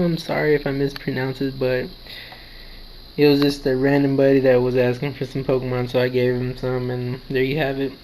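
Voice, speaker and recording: A man's voice: mid-range voice, a little mellow, a little hiss or hum, poor audio. Sleepy, chatty young man recapping a match. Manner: chatty, retells his own reactions. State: sleepy, yawning. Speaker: gaming video creator. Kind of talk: casual game commentary. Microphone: handheld console recording.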